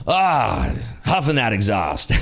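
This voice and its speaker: A man's voice: medium pitch, vocal fry. A man hosting a casual livestream from his garage, joking, laughing often and repeating catchphrases. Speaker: livestream host. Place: home garage.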